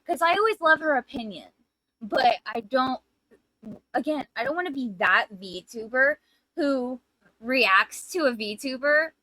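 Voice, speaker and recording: A woman streaming as a VTuber, chatting casually in a rambling, flustered way, apologizing and breaking into loud outbursts. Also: high-pitched, dry recording, poor audio. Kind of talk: casual live-stream chat.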